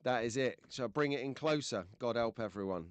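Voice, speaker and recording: An animated man with a smooth, mid-range voice talks a little fast while hosting a livestream, chatting to viewers and reading their comments in a jokey, filler-heavy ramble. A close desk microphone gives a dry recording.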